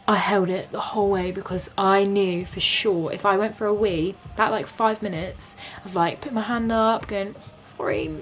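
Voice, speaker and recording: A young woman, talking casually to camera in a rambling, chatty way full of fillers. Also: medium pitch. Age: young adult. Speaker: vlogger. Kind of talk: casual vlog chat.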